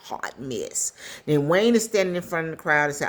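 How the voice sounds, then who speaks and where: A woman casually recapping a story in a chatty, animated way, with quick asides. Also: low voice. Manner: chatty, animated retelling with acted quotes. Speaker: commentator recapping a skit.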